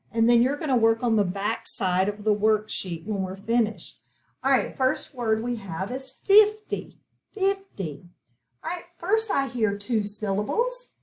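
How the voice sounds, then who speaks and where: A woman teaching a phonics lesson, talking slowly and clearly as she spells out sounds. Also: on the high side, a little mellow. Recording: echoey room.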